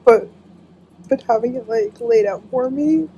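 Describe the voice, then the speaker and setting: A woman's voice: on the high side, measured pace, dark tone, highs cut off, a little hiss or hum. A young woman book vlogger chatting casually and emotionally about a book she is reading, full of fillers. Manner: gushing and emotional, with frequent fillers.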